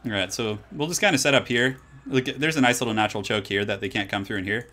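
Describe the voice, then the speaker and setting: A man with a lowish, sharp-toned voice talks fast while streaming a strategy game from home in California. He's laid-back, laughs a lot, and tends to trail off into fillers during the casual stream chat.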